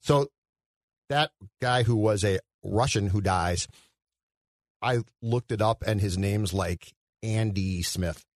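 A man's voice: lowish voice, slow, no room sound. A man co-hosting a podcast, picking apart a movie sarcastically with frequent stammered restarts. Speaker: podcast co-host. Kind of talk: casual movie review chat.

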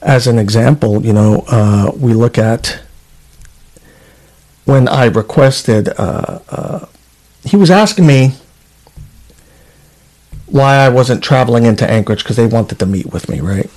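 Man, former trooper, interview guest, reads out emails, chatty, fillers and restarts, mid-pitched voice. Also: lively intonation, a little slow, pauses often, darkish tone. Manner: conversational, reads out documents, frequent fillers. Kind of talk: interview, reading emails aloud.

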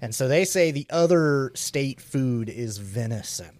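A man's voice: mid-range voice, animated, measured pace, a little mellow, dry recording. A man co-hosting a podcast in casual chat, joking and laughing often while reading articles aloud. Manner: jokey, laughs often, playful asides. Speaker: podcast co-host.

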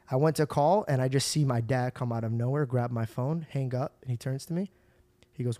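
A man's voice: medium pitch, quick pace, no echo. Man telling stories, dry close sound. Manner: animated, acts out quoted voices, swears freely. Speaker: podcast host. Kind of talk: casual storytelling chat.

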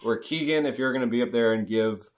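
A man's voice: mid-range voice, fast talker, background noise. A man co-hosting a podcast, chatting about a film in easygoing, laid-back banter. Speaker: podcast co-host. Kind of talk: casual movie-review chat.

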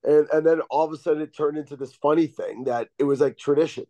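A man who is a guest on a podcast, telling casual stories in a relaxed, rambling way with many fillers over a video call. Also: on the high side, fast, no echo. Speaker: guest, former pro hockey defenseman. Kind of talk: casual storytelling. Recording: dull dry lo-fi recording.

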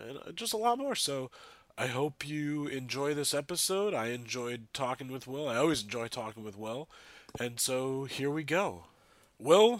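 A man's voice: medium pitch, a bit bright, dry recording. Congested male podcast host. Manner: chatty, rambling with fillers and restarts. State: congested, voice lowered from a cold. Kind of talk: casual podcast chat.

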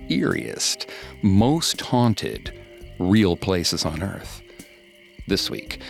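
A man, a podcast host, reading scripted horror narration in a slow, hushed, suspenseful way. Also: sits low, creaky. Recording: studio narration over faint music.

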